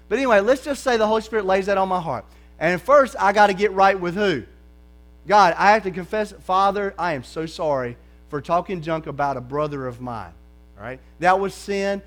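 A man preaching a conversational sermon to a congregation, often checking in with "okay?" and sometimes dropping to a soft, low voice. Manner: drops to a soft, low voice for stretches.

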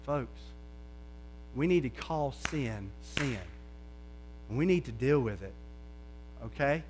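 A man preaching a conversational sermon to a congregation, often checking in with "okay?" and sometimes dropping to a soft, low voice. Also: animated, slow, a little hiss or hum. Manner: drops to a soft, low voice for stretches.

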